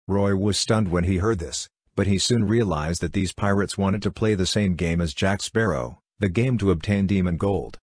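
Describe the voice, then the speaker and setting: A man narrating an audiobook in a steady, even storytelling manner. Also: low voice, moderate pace, hardly any pauses, breathy edge, dry recording. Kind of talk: scripted narration.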